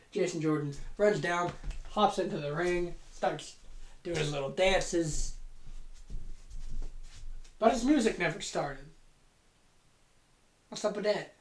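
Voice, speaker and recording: A host talks through a make-believe wrestling card in a loose, rambling way, cracking jokes, swearing and poking fun at themselves. The voice sits at a middling pitch, and the room around it is roomy and echoing. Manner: rambling, joking, profane, self-deprecating. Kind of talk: casual fantasy booking narration. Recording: roomy echo.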